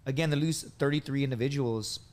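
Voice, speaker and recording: A man in his thirties from the United States spins long, rambling stories, padding them with likes and dudes. His voice sits at a middling pitch and has an easy, conversational flow. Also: brisk, a little mellow. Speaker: podcast guest, veteran and comedian. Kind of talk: casual storytelling.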